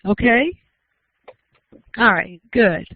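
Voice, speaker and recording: A woman's voice: on the high side, extremely slow, breathy edge, no echo. Woman lecturing over a tinny recording. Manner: explanatory, checks understanding with frequent questions. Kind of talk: university lecture.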